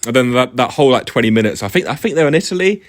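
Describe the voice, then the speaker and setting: A man's voice: medium pitch, animated, racing. A young man co-hosting a film review, casual and blunt, swearing and laughing often. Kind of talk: casual chat.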